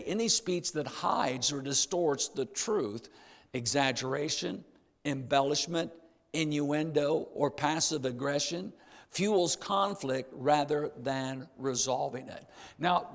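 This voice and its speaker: A man's voice: medium pitch, gravelly, long reverb tail. An older man preaching a sermon, emphatic, repeating key phrases and speaking straight to the congregation.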